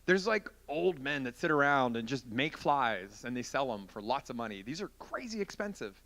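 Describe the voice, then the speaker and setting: A man preaching to a youth group, telling a long story in a chatty, animated way and acting out the scenes as he goes. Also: medium pitch, normal speed. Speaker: youth pastor.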